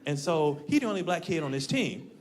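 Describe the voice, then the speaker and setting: High-voiced man doing stand-up. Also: fairly quick, a little hiss or hum. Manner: animated storytelling with voiced characters. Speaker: stand-up comedian. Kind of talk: stand-up comedy. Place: comedy club stage. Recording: live audience laughing.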